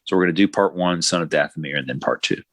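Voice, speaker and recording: A man's voice: extremely low pitch, quick pace, no room sound. A man hosting a podcast, chatting casually and rambling with jokes. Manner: rambling and joking, lively ups and downs. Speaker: podcast host. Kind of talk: casual chat.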